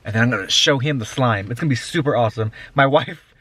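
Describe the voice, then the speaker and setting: A man's voice: medium pitch, fast, fairly bright tone, breathy edge. A young man and father talking casually to a handheld camera in a home vlog, at home and in a car. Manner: chatty, talks straight to the camera. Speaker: father and vlogger. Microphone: handheld compact camera. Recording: background noise with vehicle hum.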